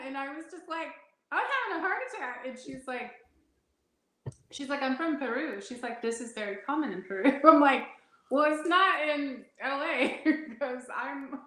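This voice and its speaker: A woman's voice: a little high, a bit bright. A woman in the guest seat tells her own spooky story with lots of life. She laughs often and acts out her own lines and those of others. The sound rings a bit, as in an echoing room. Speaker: guest sharing a paranormal experience. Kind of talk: animated personal storytelling.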